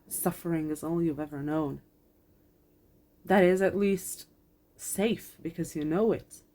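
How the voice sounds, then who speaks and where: A woman's voice: low voice, a little mellow. A woman giving a tarot card reading to her viewers, earnest and reassuring, repeating her phrases, swearing in passing and close to tears.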